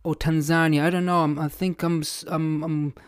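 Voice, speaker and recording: A man's voice: on the high side, level tone, normal speed, smooth. A man hosting a casual podcast interview at home, reading out a long list and admitting when he is unsure of pronunciations. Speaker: podcast host.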